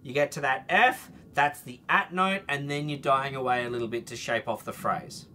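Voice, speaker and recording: A man's voice: mid-range voice, moderate pace, very noisy. A man teaching a trumpet masterclass, explaining phrasing and singing short bits to demonstrate.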